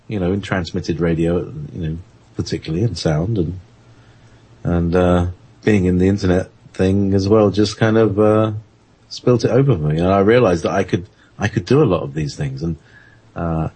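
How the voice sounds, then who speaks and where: A man hosting an internet radio show, chatting in a halting, rambling way with lots of fillers and frequent laughter. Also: low-pitched, a little mellow, slightly rough. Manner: halting, many fillers and restarts, laughs often. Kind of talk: rambling casual chat on air.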